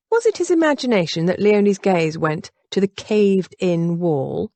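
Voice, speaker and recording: A woman with a lowish voice reads a novel aloud with lively, rolling intonation. The sound is close and dry, with no room around it. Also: moderate pace, hardly any pauses, dry recording. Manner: expressive, varied delivery. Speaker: audiobook narrator. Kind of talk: scripted narration.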